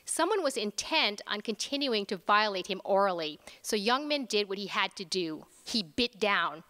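Bright-voiced woman reading her story in a hall. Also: mid-range voice, normal speed, hardly any pauses. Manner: expressive reading with lively character voices. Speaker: author reading her fiction. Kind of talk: reading a story aloud at a conference. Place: large lecture hall. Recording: reverberant lecture hall.

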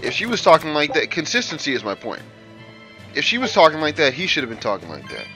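A man's voice: fairly high pitch, wildly swooping pitch, fast, bright, forceful tone, soft background music. A man hosting a casual let's play, brash and trash-talking as he reads game lines aloud and mocks them. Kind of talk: casual gameplay commentary.

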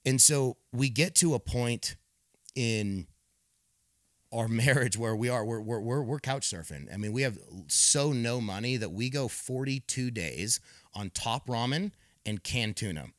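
A man's voice: mid-range voice, animated, a little slow, a bit bright, no room sound, studio quality. A man in his thirties, a podcast guest, telling his personal story candidly, repeating words as he restarts and acting out what others said.

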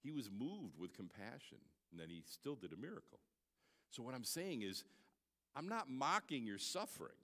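A male pastor delivers a sermon with a lively, rising and falling voice and a bright, forceful tone. He moves between shouted exclamations and quiet, emotional asides. The sound carries a long reverb from a large church hall. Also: medium pitch, moderate pace. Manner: swings from shouted exclamations to soft, tearful asides. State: holding back tears. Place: church sanctuary.

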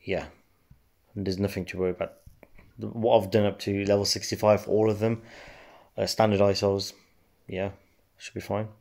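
A man casually commenting on his mobile game play, relaxed and rambling with many fillers. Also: lowish voice, moderate pace, vocal fry, pauses often. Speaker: game channel host.

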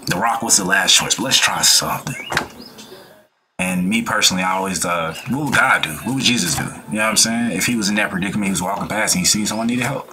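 A reaction-video host with a deep voice talks fast over a noisy background. He keeps it laid-back and slangy, preaching about life and good vibes and voicing the people he quotes with changed voices.

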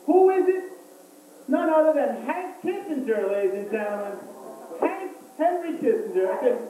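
A man doing a stand-up comedy set in a small comedy club, with a hammy emcee delivery and drawn-out asides. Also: extremely high pitch, expressive, dark tone. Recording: far-off, echoey club recording with hiss.

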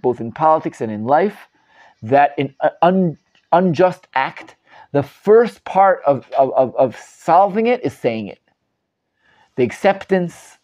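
A man teaching a live Torah class as a rabbi, animated and emphatic, often restarting and repeating words. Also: mid-range voice.

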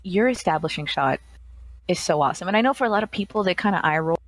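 Enthusiastic slangy woman, low-ish voice. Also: lively intonation, quick pace. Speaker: co-host reviewing comics. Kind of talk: casual podcast critique.

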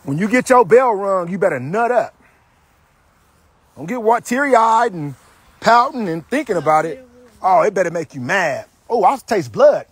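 High husky coach guy, barks drills and trash talks, voice jumps all over. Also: moderate pace, dry recording. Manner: loud, teasing, energetic barked commands. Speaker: football coach.

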